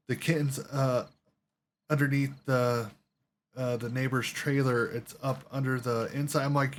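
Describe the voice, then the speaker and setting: A man's voice: medium pitch, steady tone, normal speed, a little hiss or hum. A man telling a long story while playing a game, rambling along with lots of swearing and quoted voices. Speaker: gaming streamer.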